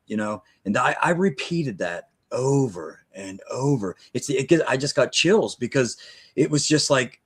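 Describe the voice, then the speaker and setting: A man's voice: medium pitch, expressive, measured pace, slightly rough. A man hosting a live stream, speaking heartfelt and often stumbling over his words with repeated restarts. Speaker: host.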